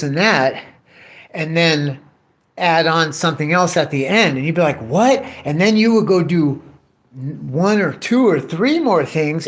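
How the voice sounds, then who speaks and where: Profane ranting man, slightly high voice. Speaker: vlogger cutting bottles. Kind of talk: casual rambling chat. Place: tree care worker.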